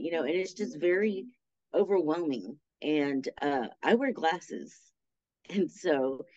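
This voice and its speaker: A woman guest telling her story in an interview, animated and acting out the voices of people she quotes. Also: lowish voice, no echo, muffled recording. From Texas.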